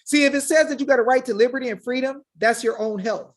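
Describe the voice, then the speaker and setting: Speaking fast in a high voice, this online legal rights commentator preaches passionately straight to her viewers. She fires off one rhetorical question after another and keeps addressing them as y'all.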